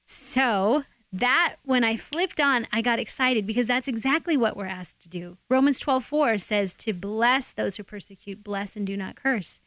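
A woman guest sharing a personal faith testimony in a lively, expressive storytelling manner. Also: fairly high pitch, unhurried, few pauses, no echo. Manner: animated, acts out quotes.

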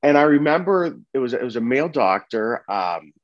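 A man in his thirties telling a personal story with earnest, halting speech full of restarts and fillers. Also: mid-range voice, lively intonation, no room sound, highs cut off. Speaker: interview guest sharing a personal story.

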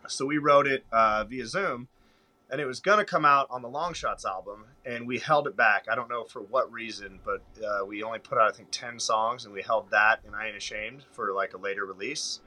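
A man's voice: mid-range voice, moderate pace, low-quality recording. A man, a touring country musician, telling a rambling road story in a casual interview. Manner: animated, rambling anecdote-telling with fillers.

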